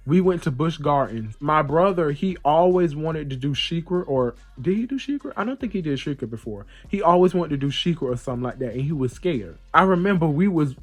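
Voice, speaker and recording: A man's voice: fairly high pitch, brisk, hardly any pauses, soft background music. A man hosting a podcast, telling a story in a casual, playful way and acting out the voices of the people in it. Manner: animated, playful, acts out the voices in his stories. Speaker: podcast host.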